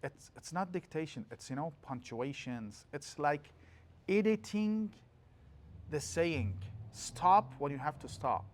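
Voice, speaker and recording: With a voice on the high side, a middle-aged religious teacher lectures his classroom, explaining animatedly and bursting into fast chanted scripture.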